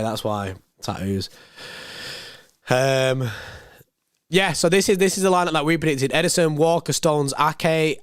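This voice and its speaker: Reading chat messages during a football live stream, a young man with a medium-pitched, hoarse voice that's giving out talks in a loose, rambling, repetitive way without hurrying. The close recording has no echo.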